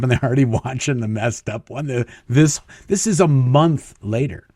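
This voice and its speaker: Low-voiced man telling rambling anecdotes. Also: steady tone, fairly quick, hardly any pauses, darkish tone, dry recording, studio quality. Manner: rambling anecdotes, acting out quoted dialogue. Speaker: guest telling his story. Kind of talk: casual storytelling interview.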